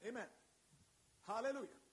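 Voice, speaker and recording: Preaching with fervor to his congregation, a man with a very high-pitched voice speaks at normal speed. He frequently shouts amen and hallelujah and asks the people questions.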